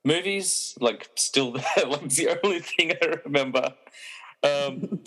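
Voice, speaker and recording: A man's voice: on the high side, measured pace, bright, forceful tone, poor audio. A man hosting a podcast, chatting casually, rambling with restarts and laughing often. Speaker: podcast host. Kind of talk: casual chat.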